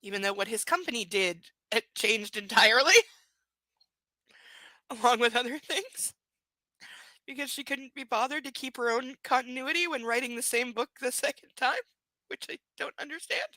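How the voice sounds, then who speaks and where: A woman's voice: fairly high pitch, normal speed, pushed and bright, no room sound. A woman reading a novel aloud live, breaking off for sarcastic, incredulous commentary. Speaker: book reader and commentator.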